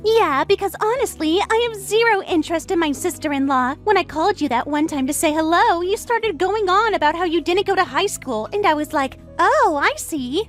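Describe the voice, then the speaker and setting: A woman's voice: very high voice, lively intonation, normal speed, hardly any pauses. A woman voicing an arrogant, condescending young sister-in-law in a dramatized text-message story, with a sneering, mocking manner. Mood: scornful. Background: faint music.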